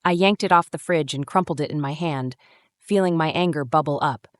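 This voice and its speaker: A woman in her thirties narrating a first-person drama story in a measured, brooding way. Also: deep voice, no echo, clean studio sound. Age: 30s.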